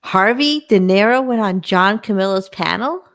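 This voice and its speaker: A woman in casual stream chat, quick to react and often laughing. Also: mid-range voice, animated, fairly bright tone.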